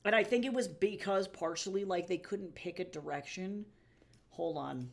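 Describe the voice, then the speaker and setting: Speaking at a normal speed in a fairly low voice with vocal fry, a woman chats casually with viewers during her live art stream. She curses freely and vents her exasperation in rants.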